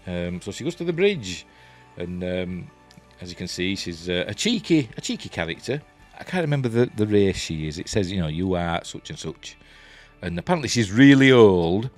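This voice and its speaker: A man with a Yorkshire accent talks through a TV episode in a loose, chatty review, stopping often for ums and restarts. His voice sits very low but swings up and down with lively pitch, and faint music plays behind him. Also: normal speed. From Yorkshire, England. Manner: rambling, chatty, many fillers and restarts. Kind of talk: casual spoken review.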